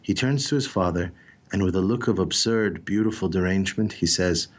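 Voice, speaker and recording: A man giving a reflective storytelling talk, intense and dramatic, pausing often with "uh" between phrases. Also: low-pitched. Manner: dramatic, intense storyteller with frequent pauses and "uh" fillers. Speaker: speaker telling a story.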